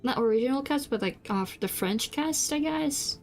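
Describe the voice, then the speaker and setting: Over faint background music, a young South Korean VTuber whose first language is Korean chats casually on stream. Her high voice is expressive and moves at a normal speed, though her talk rambles and hesitates, with many fillers and restarts.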